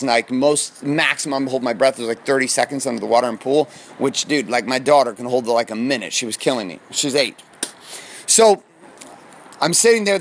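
Guy in his 30s telling a tense story on his podcast, kinda high voice, slows way down for drama. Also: a bit bright, a little hiss or hum. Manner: intense, builds tension with pauses and slow emphasis. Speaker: podcast host.

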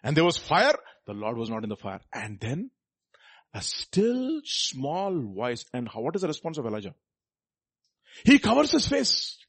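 A male preacher with a husky voice that sits a little high and swings widely in pitch. He asks the listeners emphatic rhetorical questions and reads scripture between his points, close and dry, with no room around him. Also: wildly swooping pitch, moderate pace, a bit bright, no echo. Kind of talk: sermon.

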